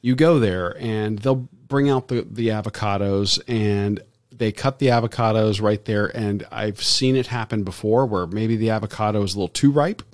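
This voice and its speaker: Easygoing guy cohosting, kinda low voice, dry mic, chats about food. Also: moderate pace, a little mellow, dry recording. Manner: easygoing, agreeable, repeats words. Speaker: podcast co-host. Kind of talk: casual food chat.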